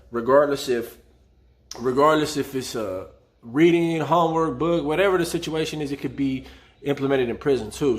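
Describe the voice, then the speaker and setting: A man from the San Fernando Valley telling a story casually, with vivid street slang. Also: mid-range voice. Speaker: channel host telling a prison story.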